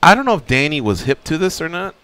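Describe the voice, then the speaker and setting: A male radio host talking with guests in a studio, chatty and quick with a joke, with a casual swear now and then. His pitch moves around a lot as he talks, and his voice sounds clear and smooth on the studio mic. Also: very animated, pushed and bright, no room sound. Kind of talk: casual chat.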